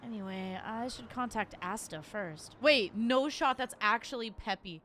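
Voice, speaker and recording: A woman streamer chatting while playing a game, excitable, goofy and easily distracted. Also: fairly high pitch, a little slow, a little hiss or hum. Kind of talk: casual gaming stream commentary. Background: game music.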